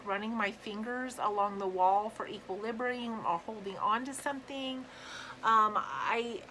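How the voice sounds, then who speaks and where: A woman sharing her own story in a personal vlog, talking earnestly and haltingly with many fillers and restarts. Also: medium pitch, sharp tone, slight background noise, rough recording.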